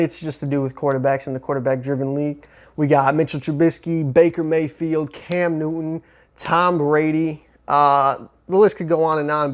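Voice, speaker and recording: A young man from Chicago giving casual, excitable football commentary as a sports vlogger, full of fillers and slang. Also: a little high. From Chicago, USA.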